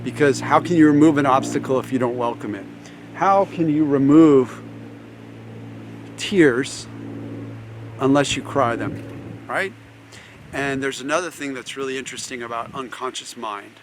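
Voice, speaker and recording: A man speaking as a recovery coach, guiding breathing and explaining ideas in a calm, unhurried way with playful laughs. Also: mid-range voice, a little hiss or hum. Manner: slow, calm, guiding with frequent pauses; laughs easily, playful demonstrations. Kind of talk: coaching talk to camera.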